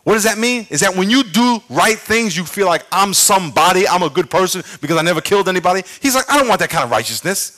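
A middle-aged man preaching a sermon as pastor, telling a story with shouted sound effects and playful, self-mocking humor. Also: sits high, expressive, quick pace, few pauses. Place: large church.

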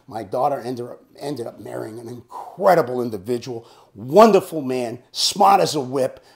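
A man's voice: mid-range voice, lively intonation, normal speed, gravelly. A man in his seventies telling a personal story in a casual way. He talks bluntly and swears freely, like a tough guy. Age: 70s. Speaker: storyteller host.

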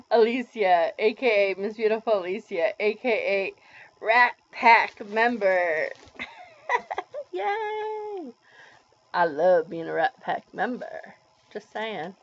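A woman's voice: mid-range voice, takes it slowly. A woman in her forties in a bubbly, gushing way, unboxing a package for a casual vlog. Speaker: vlogger. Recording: dull lo-fi home recording.

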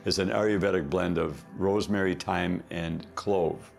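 A man's voice: deep voice, steady tone, unhurried, creaky, soft background music. A man, a company founder, telling a rambling story in a casual interview, correcting himself often and laughing.

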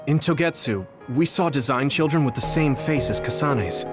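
Actor playing an earnest young male soldier, sincere and steady, mid pitch, game music under it. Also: normal speed, close to an everyday voice. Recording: game audio with music behind.

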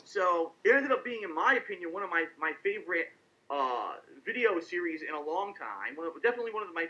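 High, rapid-fire male streamer. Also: sing-song, bright, forceful tone. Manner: rambling, talks over himself with restarts. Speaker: game streamer and reviewer. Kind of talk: live stream monologue. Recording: lo-fi stream audio.

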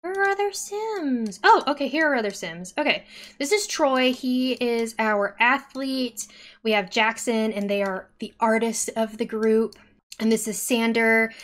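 A woman's voice: on the high side, a bit bright. A young woman giving casual, chatty commentary while streaming a life-simulation game, often talking straight to the characters.

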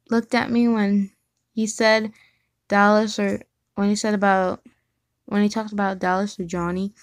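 A woman's voice: a little high, no echo. A woman casually reading fan fiction aloud, giggling and stopping to correct herself. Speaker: reader.

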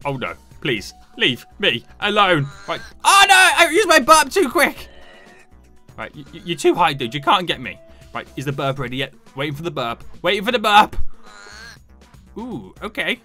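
Energetic male gamer, self-narrating, bright and sharp delivery with soft music under. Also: fairly high pitch, moderate pace. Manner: animated, shouts and talks to himself while playing. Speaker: gaming YouTuber. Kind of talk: excited gameplay commentary.

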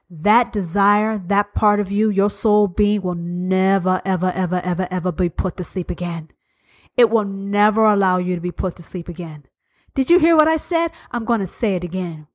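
A woman hosting a podcast, talking straight to her listeners in a blunt, profane monologue that leans on repetition. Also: medium pitch. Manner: profane, emphatic and repetitive, addressing listeners directly. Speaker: podcast host.

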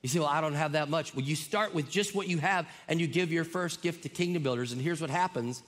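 Animated pastor preaching in a hall. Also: male voice, a little high, fast talker. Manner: animated storytelling, acting out quoted voices. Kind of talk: sermon. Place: church auditorium. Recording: reverberant church hall.

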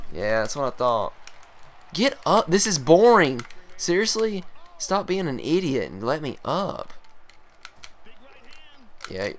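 A young man swearing and yelling while commentating his own fighting game, sometimes calming himself down. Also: medium pitch. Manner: profane, yelling and groaning at the game. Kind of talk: live gameplay commentary.

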